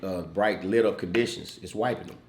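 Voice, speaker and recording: Low-voiced Louisiana man in echoey room. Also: fairly quick, a little hiss or hum. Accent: western Louisiana. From Louisiana, USA. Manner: relaxed, drawling, hesitant with fillers. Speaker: co-host, partner. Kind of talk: casual couples chat.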